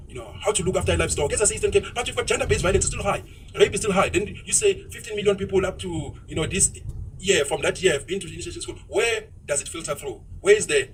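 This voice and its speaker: A South African man speaking fast and outspokenly while driving, dropping Zulu words into a casual opinionated monologue. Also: high voice, recorded from a distance, slight background noise, rough recording. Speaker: vlogger. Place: inside a moving car.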